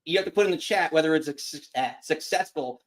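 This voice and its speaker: A man's voice: a little high, quick pace. A man hosting a wrestling call-in show, taking callers and reacting in an upbeat way. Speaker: host.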